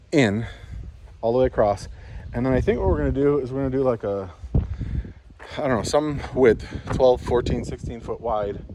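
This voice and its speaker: Homestead vlogger, man, lowish voice, rambling and easygoing, outdoor camera audio with faint noise behind. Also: a little mellow. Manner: rambling, easygoing, explaining as he goes. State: out of breath. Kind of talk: casual vlog walkthrough. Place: outdoors at a barn and driveway. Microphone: action camera.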